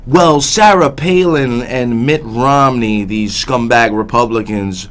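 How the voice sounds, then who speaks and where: A man's voice: medium pitch, takes it slowly. Ranting male call-in radio host. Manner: heated, repetitive, swears under his breath. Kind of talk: ranting political call-in talk.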